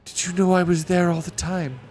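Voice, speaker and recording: A man's voice: fairly even intonation, fairly quick, a little mellow, soft background music, close to an everyday voice. Lucy: a man doing a curious young girl. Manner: raised girlish pitch, eager questions.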